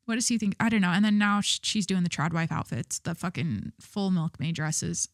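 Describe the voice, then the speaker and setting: A woman's voice: lowish voice, moderate pace, dry recording, clean studio sound. Candid gossipy young woman podcaster. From Southern California. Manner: candid, gossipy, swearing, laughs at herself. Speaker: podcast host. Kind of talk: casual solo podcast chat.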